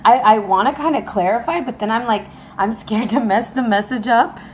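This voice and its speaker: A woman giving a casual tarot reading to camera, excitable and emotional, talking straight to her viewers. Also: a little high, normal speed, slight background noise, poor audio. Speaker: tarot reader. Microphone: camera mic.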